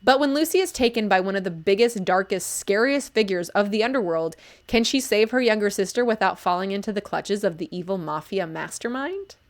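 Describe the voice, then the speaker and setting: A woman's voice: medium pitch, lively intonation, a little fast, few pauses. Gushing, chatty young woman streamer. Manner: gushing, enthusiastic, chatty with many fillers. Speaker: livestream book reviewer. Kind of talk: casual live-stream commentary.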